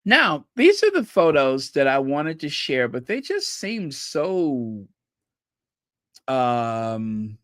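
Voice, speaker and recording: A man's voice: mid-range voice, takes it slowly, no echo. Sex: man. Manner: incredulous, rambling. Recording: dry. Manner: animated, incredulous, rambling with restarts. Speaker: channel host reading viewer chats. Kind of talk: casual live-stream commentary.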